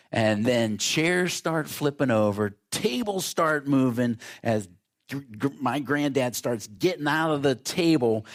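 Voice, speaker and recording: A male pastor preaches from the pulpit, spinning a family anecdote into a Bible lesson. His voice sits at an average pitch, and he breaks into the voices of the people in his story. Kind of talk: sermon.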